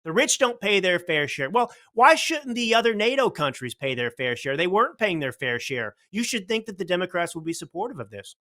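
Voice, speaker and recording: A man's voice: sits high, sing-song, brisk, hardly any pauses, bright, forceful tone. A man hosting a political commentary show, talking bluntly and combatively with lots of rhetorical questions. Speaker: show host.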